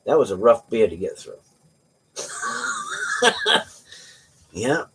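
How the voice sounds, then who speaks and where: A man's voice: fairly low pitch, animated, brisk, a little mellow, husky. A middle-aged man hosting a livestream, chatting casually with viewers and telling rambling, joking stories. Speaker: livestream host.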